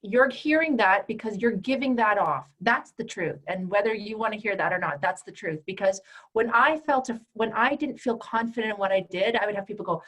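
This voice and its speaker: A woman's voice: mid-range voice, expressive, normal speed, a bit bright, rough recording. A woman coach teaching a group call, speaking directly and emphatically and acting out the voices she quotes. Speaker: empowerment coach and trainer.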